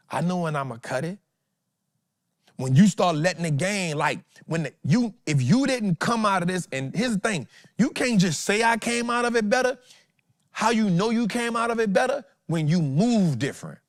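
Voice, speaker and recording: Animated slangy man, higher voice. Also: dry recording, studio quality. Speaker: podcast host, trading educator. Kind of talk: motivational casual talk.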